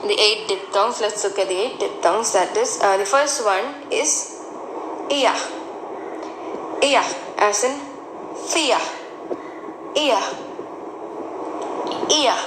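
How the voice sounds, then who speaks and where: A woman with an Indian English accent leads a slow pronunciation lesson, repeating each example word with careful pauses and frequent fillers. Her pitch sits in a middle range, and faint noise hums under the recording.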